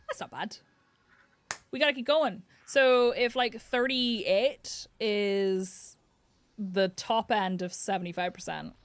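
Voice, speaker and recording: A woman live-streaming a video game, chatting casually and reading out chat messages with frequent laughs. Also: mid-range voice. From United Kingdom. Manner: chatty, giggly, reads chat aloud.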